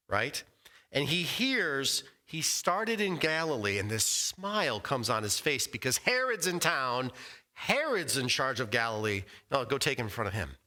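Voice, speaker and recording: Bright-voiced man teaching Bible study. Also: mid-range voice. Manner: conversational, quizzes the group. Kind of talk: casual Bible lesson. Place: church meeting room.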